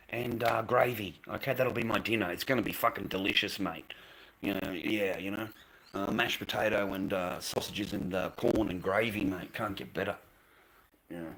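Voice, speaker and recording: A man's voice: on the low side, vocal fry, fairly bright tone, husky, rough recording. An Australian man livestreaming from home, ranting bluntly and profanely at his chat. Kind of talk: casual livestream rant.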